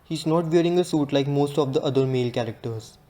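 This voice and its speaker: A young man giving a read-aloud class presentation in a steady, earnest way. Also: on the high side, a little fast. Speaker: student presenter.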